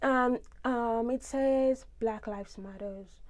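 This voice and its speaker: Brief: young Nigerian-accented woman, high voice, animated expressive vlogger rant. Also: slow. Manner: expressive, ranting, big swings in tone. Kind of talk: casual vlog monologue.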